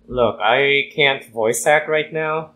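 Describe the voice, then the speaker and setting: Hoarse young man reading a game aloud. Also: medium pitch, slow pace, bright, forceful tone. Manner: casual, coughing, apologetic asides. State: hoarse, worn-out voice. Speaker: gaming YouTuber. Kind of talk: let's play, reading a visual novel aloud.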